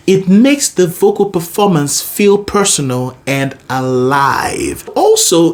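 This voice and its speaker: Brief: woman vocal coach, conversational teaching, breaks into sung examples. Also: low voice. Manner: explains then demonstrates by singing. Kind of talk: singing lesson with sung demonstrations.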